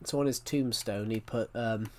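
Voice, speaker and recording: A man's voice: on the low side, fairly even intonation, moderate pace. Rambling man chatting on a game stream. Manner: rambling storyteller, frequent self-corrections. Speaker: livestreamer. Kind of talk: casual chat while streaming a game.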